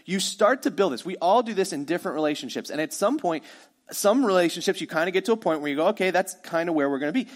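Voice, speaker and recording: A man's voice: high voice, animated, fast talker. Conversational male pastor preaching. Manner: conversational storytelling preaching, acting out quoted voices. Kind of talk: sermon.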